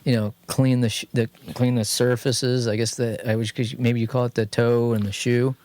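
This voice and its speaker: A man with a Californian accent co-hosting a podcast, telling a long garage story in a rambling, animated way. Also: medium pitch, moderate pace. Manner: rambling, animated anecdote telling, quotes others in lively voices. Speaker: podcast co-host. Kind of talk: casual garage chat, storytelling. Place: home studio.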